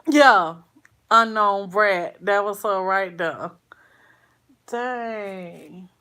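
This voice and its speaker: Slow, sighing woman vlogger. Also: mid-range voice, clear, resonant tone. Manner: slow, sighing, halting, speaks to viewers as y'all; soft, grieving, subdued. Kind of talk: casual livestream chat with viewers.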